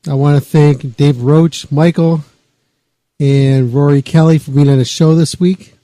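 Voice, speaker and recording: A male podcast host with a very dark, mellow tone and a slightly high voice wraps up the episode. He rambles loosely and trails off mid-thought. The sound is dry and close. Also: steady tone, unhurried, no echo. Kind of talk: casual show sign-off.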